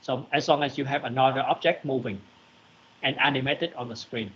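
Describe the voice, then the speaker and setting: A man's voice: medium pitch, fairly bright tone, husky. Man teaching over a muffled call. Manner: halting, many fillers and restarts. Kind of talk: online programming class lecture. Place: remote video call. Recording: muffled lo-fi video call audio.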